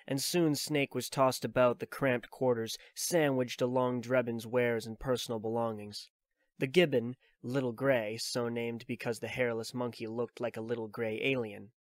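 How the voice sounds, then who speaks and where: A man's voice: mid-range voice, normal speed, no room sound. Man reading a novel aloud, dry sound. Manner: steady, plain storytelling. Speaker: audiobook reader.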